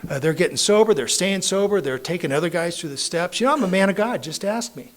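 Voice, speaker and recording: A man's voice: high voice, lively intonation, quick pace. Chatty middle-aged man sharing at a meeting. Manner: conversational, self-mocking, frequent tag questions. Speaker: AA meeting speaker. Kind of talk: storytelling recovery share. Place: recovery club meeting room.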